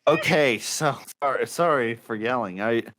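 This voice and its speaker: A man in the game master's seat, with a voice of ordinary middle pitch. He narrates the scene in a rambling way and fills the gaps with little pauses. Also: very noisy. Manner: rambling, with many fillers.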